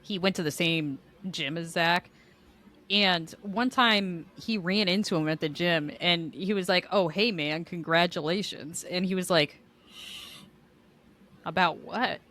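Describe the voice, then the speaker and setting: A woman's voice: fairly low pitch, measured pace, pushed and bright. A young woman co-hosting a podcast, chatting candidly and laughing often. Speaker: podcast co-host. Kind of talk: casual chat.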